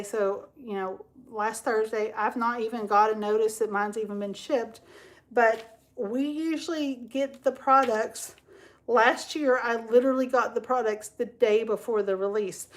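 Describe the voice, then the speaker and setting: Woman, somewhat high pitch, chatty, rambling, casual livestream host. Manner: chatty, rambling, laughs often.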